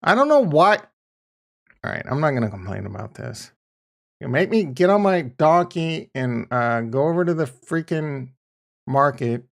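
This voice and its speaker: A man talking casually about his crypto yield farm, blunt and profane, swinging from quiet muttering to heated ranting. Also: medium pitch, animated, moderate pace, vocal fry. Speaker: crypto YouTuber. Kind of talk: casual screen-share commentary.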